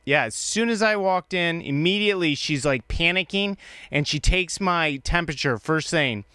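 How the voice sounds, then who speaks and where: Guy hosting a call-in show, relaxed and chatty, clear crisp voice. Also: a little high, moderate pace, no room sound, studio quality. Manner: relaxed, chatty, often agreeing. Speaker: live call-in show host. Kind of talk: casual chat with callers.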